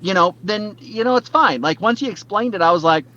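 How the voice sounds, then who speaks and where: Podcast co-host, man, slightly high voice, rambling casual delivery, dull lo-fi sound. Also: animated, brisk, bright, forceful tone. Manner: rambling, lots of fillers and restarts. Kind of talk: casual chat.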